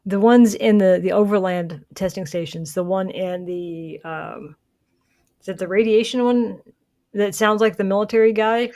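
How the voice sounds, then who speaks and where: A woman's voice: medium pitch, moderate pace, warm tone. Chatty woman hosting a gaming stream. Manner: rambling, self-correcting, laughs often. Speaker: streamer host. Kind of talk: casual gaming chat.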